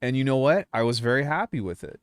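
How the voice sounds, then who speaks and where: A man's voice: medium pitch, expressive, fast talker, clean tone, no echo. Young male streamer, profane rambling rant, mid voice, dry mic. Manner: swears a lot, rambling, fired up. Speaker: music producer YouTuber. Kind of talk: casual livestream rant.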